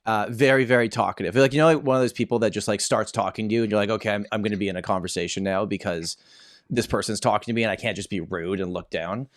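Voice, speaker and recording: A man's voice: fairly low pitch, quick pace, no room sound, studio quality. A man in his thirties from Canada hosting a casual podcast chat, telling stories with lots of fillers and restarts. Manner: chatty storyteller with frequent fillers and restarts. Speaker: podcast host and real estate agent.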